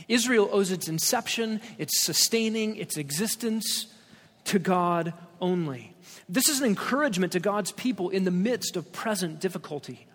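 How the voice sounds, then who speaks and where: A man's voice: high voice, lively intonation, moderate pace, a bit bright, long reverb tail. A male pastor preaching an expository sermon, emphatic, reading scripture aloud with rising stress.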